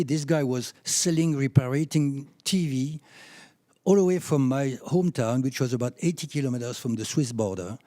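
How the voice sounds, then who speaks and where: Speaking at a conference, a chiropractor in his seventies from France tells animated career anecdotes in a French accent, breaking into laughter and rising in tone when he gets excited. The studio-quality recording has no room sound, and his voice is medium in pitch.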